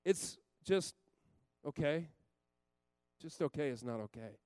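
A man in his thirties preaching a sermon as a pastor, emphatic and swinging from loud to hushed. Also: on the high side, animated, slow, clean tone, no echo.

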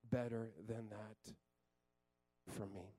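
A man in his thirties preaching a sermon as a pastor, emphatic and swinging from loud to hushed. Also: fairly low pitch, flat delivery, takes it slowly, husky, no echo.

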